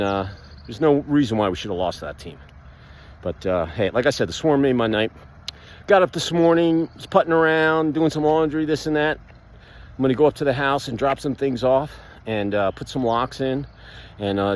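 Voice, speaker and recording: A man talking casually while walking outside, rambling with lots of fillers and animated outbursts, recorded on a phone. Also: mid-range voice, a little hiss or hum. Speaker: vlogger, builder. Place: outdoors, walking past a pool.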